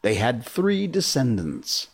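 A man voicing a motherly young girl telling a bedtime story to a group of boys, with a gentle, patient tone. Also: mid-range voice, sing-song, takes it slowly, gravelly, breathy edge, pitched above the performer's own voice, full character voice. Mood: storytelling.

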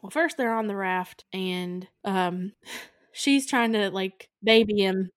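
A woman co-hosting a casual movie recap, animated and acting out characters' lines. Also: medium pitch, slow, clean tone, dry recording, clean studio sound. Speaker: podcast co-host.

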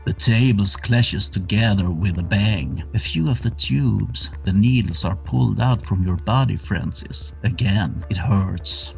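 A man running a horror tabletop game as game master, narrating slowly with small grammar slips. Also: darkish tone, soft background music. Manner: slow, low and gravelly, with non-native grammar slips.

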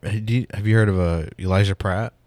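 A man with a Southern Oklahoma accent chats in a loose, filler-heavy way and swears casually. His voice sits very low, and the sound is dry with no room echo. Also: fairly even intonation, quick pace, darkish tone. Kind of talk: casual chat.

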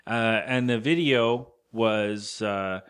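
A man co-hosting a podcast, recapping a film in loose, casual chat with quick quoted lines and some swearing. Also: on the low side, a bit bright, clean tone. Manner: loose and profane, retells scenes with quoted lines. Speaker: podcast co-host.

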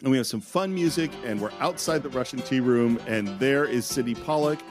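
A man co-hosting a casual film commentary podcast, enthusiastic and quick to laugh. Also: mid-range voice, over music. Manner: enthusiastic, laughs often, acts out quotes. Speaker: podcast co-host.

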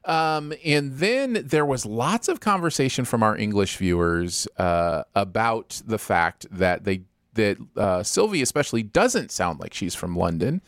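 A man's voice: lowish voice, a little slow, few pauses, dry recording, clean studio sound. A man co-hosting a podcast, reading out listener comments in a casual, jokey way. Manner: lively, animated, jokey. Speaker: podcast co-host.

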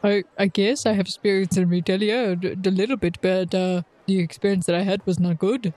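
A man's voice: high voice, steady tone, brisk, a little mellow. A man playing a tabletop roleplay game in character, goofy and joking, rambling through his lines with restarts. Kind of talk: in-character improv in an actual play game.

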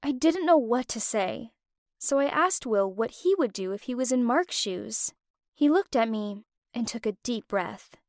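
A young woman telling a first-person story with expressive, emotional delivery. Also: a little high, a little slow, dry recording, studio quality. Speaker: narrator.

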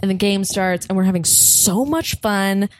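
A woman guest on a podcast telling a story in a casual way. She is animated, laughs often, swears freely and acts out the voices of the people in her story. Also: medium pitch, normal speed.

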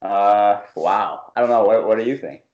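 A man's voice: fairly low pitch, normal speed, darkish tone, lo-fi sound. A young man in a casual chat with friends, hesitant, with many fillers, saying "bro.".

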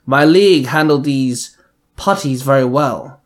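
A man voicing a cold, arrogant male assassin leader who speaks in a measured, condescending way in a fan audio story. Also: medium pitch, natural voice.

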